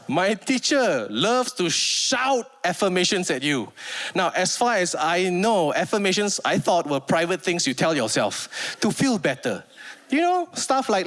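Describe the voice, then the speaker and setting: A Malaysian man in his thirties doing a stand-up comedy set, animated and acting out the people in his stories. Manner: animated, acts out characters with pitch jumps.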